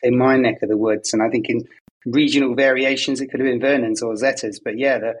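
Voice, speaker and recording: A man's voice: medium pitch, fairly even intonation, a little fast, breathy edge, rough recording. A man co-hosting a football podcast in jokey, self-deprecating casual chat. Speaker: podcast co-host, data pundit. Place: travelling abroad.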